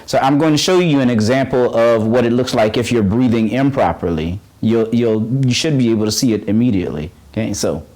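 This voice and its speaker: A man teaching a beginner's voice lesson, patiently guiding breathing and warm-up exercises and encouraging often, with frequent halting restarts. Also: mid-range voice. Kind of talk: on-camera voice lesson.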